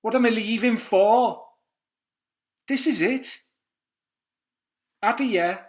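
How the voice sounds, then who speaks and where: A man voicing an angry, defiant young male prisoner who swears bitterly and shouts. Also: high voice, slow, pitched above the performer's own voice. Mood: furious, bitter.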